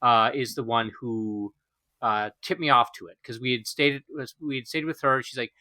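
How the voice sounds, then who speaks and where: Bright, tense-voiced man telling a rambling story. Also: mid-range voice, fairly even intonation, normal speed. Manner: rambling storyteller with many fillers and restarts. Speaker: podcast co-host. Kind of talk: casual chat.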